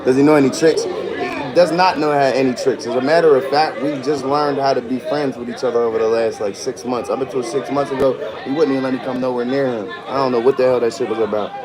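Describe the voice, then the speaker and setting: A man's voice: mid-range voice, fairly even intonation, fast, few pauses, a loud crowd, rough recording. A young man chatting casually on a livestream to his viewers, laid-back, slangy and profane, often giggly.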